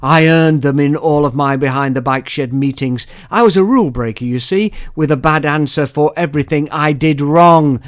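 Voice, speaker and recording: A man's voice: on the high side, normal speed, few pauses, no room sound, studio quality. A middle-aged man with an English accent reciting his own poem in a wry, sardonic way. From England. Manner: wry, sardonic verse delivery. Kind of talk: poetry recitation.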